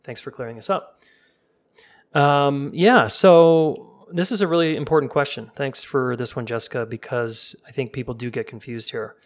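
A man's voice: mid-range voice, normal speed. Casual man giving relationship advice. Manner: casual, relaxed, talks straight to viewers; acts out calm sample dialogue in a soft voice. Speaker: relationship coach. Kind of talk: casual live-stream advice.

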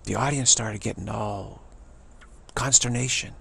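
Gravelly low-voiced man telling a story. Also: unhurried, fairly bright tone. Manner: acts out what other people said while telling the story. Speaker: spiritual teacher. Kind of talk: personal storytelling talk.

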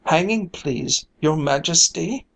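Reader putting on a scared grudging fella, begging, slow storybook voice. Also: medium pitch, expressive, vocal fry, voice pushed up, heavily acted. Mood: pleading. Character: frightened Irish man who hoards his luck.

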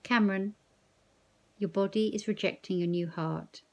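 A woman's voice: medium pitch, fairly even intonation, normal speed, darkish tone, dull audio, natural voice. Woman doing a blunt male doctor, brusque and clipped, no nonsense. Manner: clipped, matter-of-fact.

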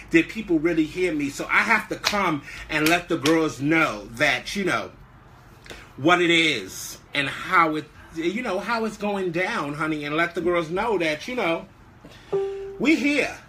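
A man's voice: fairly high pitch, pushed and bright, a little hiss or hum. A man hosting a live stream in a sassy, flamboyant way, calling everyone honey and baby. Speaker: live-stream show host. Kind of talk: casual live-stream chat.

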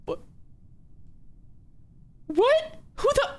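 A woman's voice: extremely high pitch, big pitch swings, drawn-out words, slight background noise. A young woman live-streaming a game with friends, panicking, swearing and shrieking with laughter. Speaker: streamer playing a social deduction game.

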